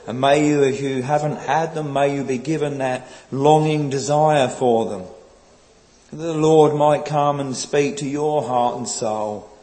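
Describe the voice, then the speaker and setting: A man preaching a sermon in a slow, earnest, pleading way, quoting old scripture. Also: medium pitch, steady tone, warm tone, poor audio.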